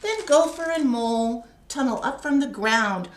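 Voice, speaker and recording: A woman librarian reading a picture book aloud to young children with an expressive read-aloud delivery, then chatting with them. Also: a little high, unhurried. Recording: echoey room, faint noise.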